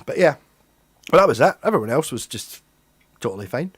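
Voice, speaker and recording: A man's voice: medium pitch, sing-song, a little fast, breathy edge, no room sound. A Scottish man hosting a livestream, chatting casually with viewers in a rambling, self-deprecating way, a bit tipsy. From Scotland. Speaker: livestream host. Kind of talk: casual chat with chat readers.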